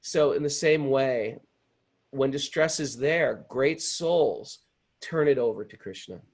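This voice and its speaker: A man hosting a spiritual talk, telling a story in an animated, earnest way. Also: mid-range voice, takes it slowly, breathy edge. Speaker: host. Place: home in upstate New York.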